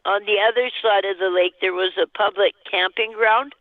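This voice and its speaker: A woman calling in to a show, telling a personal story in a halting, rambling way with nervous laughs. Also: medium pitch, steady tone, dry recording. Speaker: caller. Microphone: telephone. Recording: tinny phone line.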